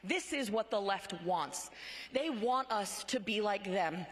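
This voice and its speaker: Slow and expressive, a woman with a mid-range voice speaks as a conference speaker, giving a motivational talk in a large conference hall. She uses short, punchy phrases and regularly asks a rhetorical "right?", all carried on the long reverb of the big venue.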